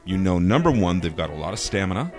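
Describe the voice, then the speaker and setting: A man's voice: low-pitched, big pitch swings, quick pace, music in the background. A man in casual podcast chat, talking bluntly and swearing freely. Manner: blunt, profane, tough-talking.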